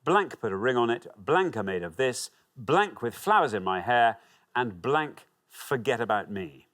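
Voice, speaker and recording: A man's voice: medium pitch, lively intonation, a little slow, a bit bright. A man hosting a television quiz show, reading the questions and teasing the contestants in a playful way. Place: television studio.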